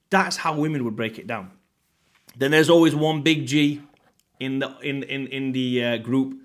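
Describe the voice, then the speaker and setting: A man in his late thirties from the UK, talking casually to camera as a fitness coach, blunt and sweary with lively swings in pitch and loudness. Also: normal speed. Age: 30s.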